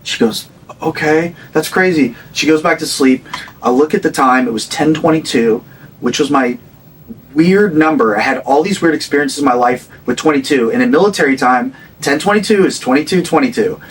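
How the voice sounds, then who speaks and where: A man's voice: fairly high pitch, normal speed, slightly rough. Guy telling a wild story on a podcast, acts out the voices, bit far from the mic. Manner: animated, acts out quoted voices, swears. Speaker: interview guest, rock band frontman. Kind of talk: storytelling in casual conversation.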